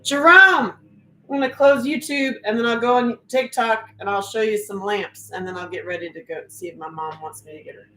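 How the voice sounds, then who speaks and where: A woman's voice: on the high side, brisk, sharp tone, reverberant, a little hiss or hum, poor audio. A middle-aged woman hosting a casual livestream, chatty and joking as she reads comments aloud. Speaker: livestream host.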